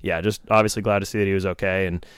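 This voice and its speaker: A man chatting casually, excitable and profane, with lots of fillers. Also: low voice, very fast, clean tone, dry recording. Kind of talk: casual storytelling podcast chat.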